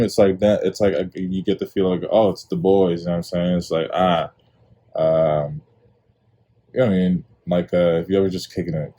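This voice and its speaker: A man's voice: low-pitched, mellow, husky. A young man hosting his own podcast, talking casually and rambling with lots of fillers. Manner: laid-back, rambling with many fillers. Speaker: podcast host. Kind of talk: casual solo commentary.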